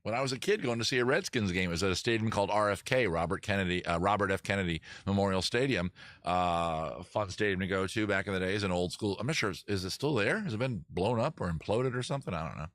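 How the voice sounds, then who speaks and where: A man's voice: on the low side, fast talker, a bit bright, dry recording, clean studio sound. A man from Maryland hosting a casual live stream, rambling and joking as he answers viewer chat and corrects himself mid-sentence. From Maryland, USA. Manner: rambling, self-correcting, jokey. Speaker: host.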